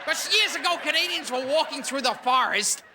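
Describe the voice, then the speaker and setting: A man with a very high, shrill voice does stand-up and shouts his punchlines. A live club audience comes through clearly, along with noticeable background noise. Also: moderate pace, a crowd in the background. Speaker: stand-up comedian. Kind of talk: stand-up comedy routine.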